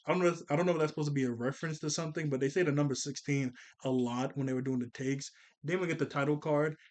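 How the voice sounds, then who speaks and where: Pitched on the higher side, his voice stays steady and a bit mellow while moving very fast. He's a show reviewer summarizing a cartoon episode in loose, wandering talk, tired from hours of recording, fixing his own slips and performing character lines louder.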